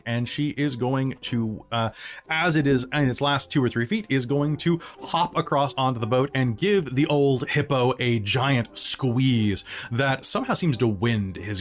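A man hosting a podcast and narrating as game master in a relaxed, chatty way. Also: mid-range voice. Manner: relaxed, chatty, stumbles over words.

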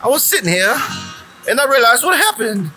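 A cheeky little Russian boy, as a man puts him on, rambles in broken English with a heavy put-on accent. The pitch wanders around a lot, and music plays softly behind him. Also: very animated, fairly quick, full character voice, rough recording. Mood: rambling.

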